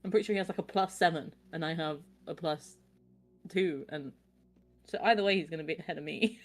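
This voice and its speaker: A woman's voice: low voice, a little fast, soft background music. A woman taking part as a player in a tabletop game, chatty and self-mocking, laughing often. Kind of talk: casual tabletop game chat.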